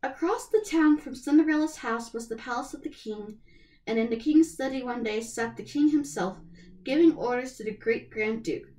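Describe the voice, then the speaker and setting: A young woman reads a storybook aloud in a somewhat high, nasal voice. She trips over words now and then and stops to correct herself. It sounds like a simple home recording. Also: normal speed, warm tone. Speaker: storybook reader.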